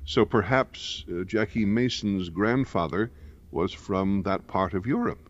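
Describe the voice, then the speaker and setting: A man's voice: lowish voice, measured pace. A man hosting a radio talk show, curious and reflective, prompting his guest. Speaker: radio host. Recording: dull lo-fi radio broadcast with faint hiss.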